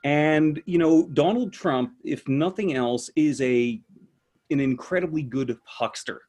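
A man's voice: a little high, measured pace, a little mellow. A Canadian man with a Canadian accent, a guest on a podcast, chatting in a wry, joking way. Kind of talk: casual chat.

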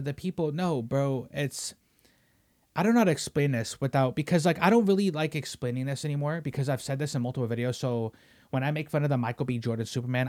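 A young man hosting a casual podcast, ranting heatedly with lots of swearing and loud emphatic bursts. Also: mid-range voice. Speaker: podcast host. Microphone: studio microphone.

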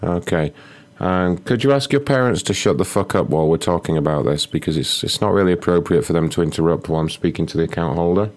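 A man hosting a prank call livestream, mocking and insulting callers in a rude, deadpan way. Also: low-pitched, quick pace, hardly any pauses. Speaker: prank call show host.

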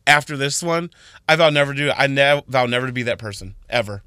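A man on a morning radio show, retelling events with big excitable swings up into squeaky highs. His voice is bright and forceful, close and dry in the studio. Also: a little fast, no echo. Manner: excitable, jumps to high squeals when retelling. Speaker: radio co-host. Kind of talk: animated storytelling on morning radio.

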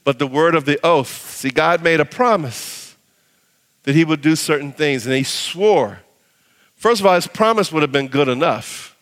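A man preaching a sermon as pastor, animated, acting out little voices in his quotes, then dropping low and soft to read scripture. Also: moderate pace, in a large hall. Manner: drops to a low soft voice when reading scripture.

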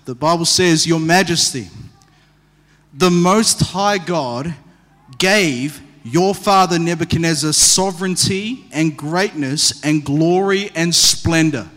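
A man preaching a sermon as pastor, animated and storytelling, with humorous asides. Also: fairly high pitch, slow. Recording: long hall reverb.

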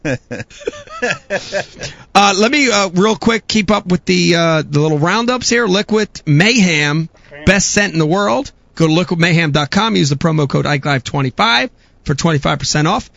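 Lively high-voiced joking male host. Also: moderate pace, gravelly, no room sound, highs cut off. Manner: joking, laughs often, self-mocking. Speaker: fishing show host. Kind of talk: casual live show chat with sponsor reads.

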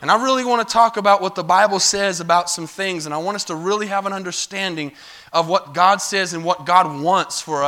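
A man's voice: high voice, sharp tone. A man preaching a sermon in a church, telling a story in a loose, conversational way and calling for amens. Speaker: pastor. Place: church sanctuary.

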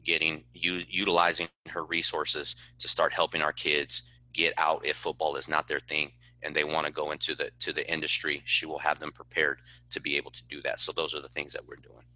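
Man, football coach, low pitch, very bright forceful tone, podcast interview, earnest, repeats himself for emphasis. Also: flat delivery, brisk, few pauses, no echo. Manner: earnest, passionate, repeats words when emphatic. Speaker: high school football head coach.

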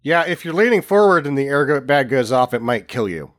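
A man's voice: medium pitch, very animated, fairly quick, a bit bright. A man co-hosting a casual movie podcast, making wry, crude jokes in a laid-back way. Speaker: podcast co-host. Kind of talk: casual movie-riffing chat.

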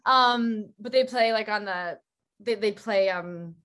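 A woman actress, a guest in a casual interview, telling stories in an animated, gushing way with many restarts. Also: mid-range voice, slow pace.

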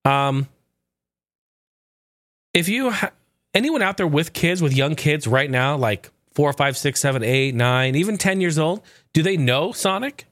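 A man's voice: fairly high pitch, expressive, measured pace, a bit bright, dry recording, studio quality. A man in his thirties or forties ranting sarcastically, swearing a lot and acting out other people's quotes. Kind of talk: profane ranting commentary.

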